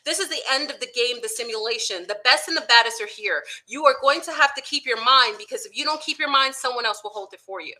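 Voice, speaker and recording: A fast talker who barely pauses, this woman has a fairly high, sharp-toned voice. She's an online commentator delivering an unscripted monologue to her viewers from home, dogs around, tossing out rhetorical questions and saying y'all.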